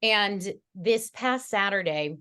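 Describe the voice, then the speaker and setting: A woman talks casually as a podcast guest, in a mid-range voice that sounds neither high nor low. She tells personal stories with warmth and feeling. Her talk is loose and chatty, full of fillers and little restarts. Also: expressive, takes it slowly, clean tone. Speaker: podcast guest, fitness and meditation teacher. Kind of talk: casual conversational storytelling. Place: Connecticut.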